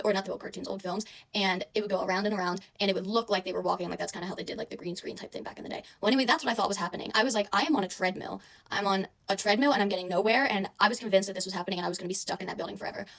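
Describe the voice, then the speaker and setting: A young adult woman telling a casual, chatty storytime monologue, animated and full of "like" and "I swear". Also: mid-range voice.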